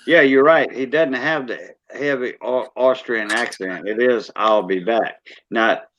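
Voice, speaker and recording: A man's voice: medium pitch, a little slow, noisy background. A man hosting a casual livestream chat, hesitating and saying "yeah" often. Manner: hesitant, repeats "yeah" a lot. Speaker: livestream host. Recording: dull lo-fi stream audio.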